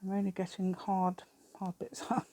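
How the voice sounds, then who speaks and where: A woman's voice: mid-range voice, monotone, moderate pace, mellow, no echo. A British woman hosting a craft channel, chatting through a crafting demonstration and rambling to herself with giggly asides.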